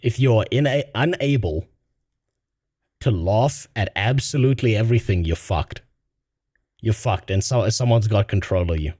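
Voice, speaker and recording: A man's voice: on the low side, normal speed, darkish tone, breathy edge, no room sound, clean studio sound. A man streaming a reaction to a video, chatting casually with crude jokes, frequent laughter and stammered restarts.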